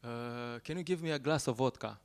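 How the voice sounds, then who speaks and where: A man voicing a greedy, hurried man in a joke, talking in an eager, rushed, muttering way. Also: medium pitch, clear, resonant tone, close to an everyday voice.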